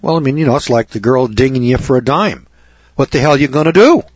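A husky-voiced man spins a rambling, indignant monologue on air. His voice comes through dry and close, on a dull lo-fi recording. He circles back, repeats himself and keeps talking at the listener. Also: mid-range voice, animated, fast talker, a little mellow, no room sound. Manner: indignant, repetitive, conversational.

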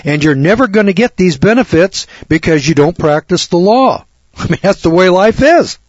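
A man preaches a sermon in a blunt, punchy, folksy way. His voice is husky. The recording is dull, lo-fi and dry. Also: high-pitched, animated, moderate pace, no room sound.

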